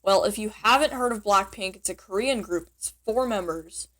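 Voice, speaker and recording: A woman's voice: mid-range voice, moderate pace, a bit bright. Giggly rambling young woman teaching French. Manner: giggly, rambling, self-deprecating. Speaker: vlogger teaching basic French. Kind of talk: casual chatty tutorial.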